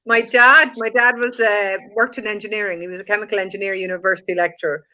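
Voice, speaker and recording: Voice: medium pitch, level tone, fast, bright, forceful tone. A co-host in a casual chat, reminiscing in a chatty way. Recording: dull lo-fi audio.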